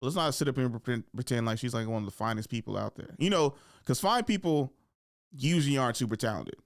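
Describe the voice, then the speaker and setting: A man hosting a podcast, slangy and profane, telling animated stories and acting out quotes. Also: mid-range voice, quick pace, dry recording, studio quality. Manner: animated storytelling, acts out quotes and drops into whispers. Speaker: podcast host. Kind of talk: casual podcast chat.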